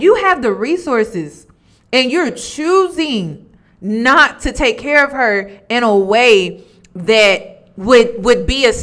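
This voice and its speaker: A woman's voice: on the high side, a bit bright. A woman vlogger giving casual commentary, candid and emphatic, repeating her points.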